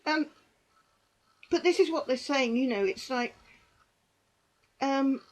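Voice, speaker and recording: A middle-aged woman gives earnest personal testimony to camera, halting and repeating herself. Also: high voice, rough recording. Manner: halting and repetitive, with restarts; earnest and emotional, with bitter dark humour. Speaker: survivor giving testimony.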